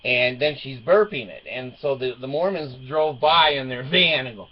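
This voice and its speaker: A man's voice: mid-range voice, normal speed. A middle-aged father telling a family story as a casual monologue, wry and joking, chuckling as he goes. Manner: wry and joking, chuckles through his stories. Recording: dull lo-fi recording.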